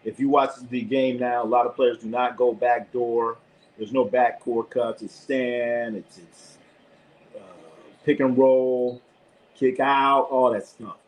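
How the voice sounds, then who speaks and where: A sports streamer does live play-by-play and casual sports chat, getting excitable, yelling at players, and swearing casually. His voice is mid-range and slow-paced, and the audio quality is poor.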